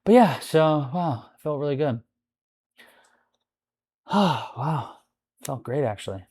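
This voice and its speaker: A man's voice: on the high side, lively intonation, takes it slowly, a little mellow, husky. A young man venting to camera about his roommate and landlord, cursing often, heated and rambling with restarts. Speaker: vlogger. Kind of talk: angry venting monologue.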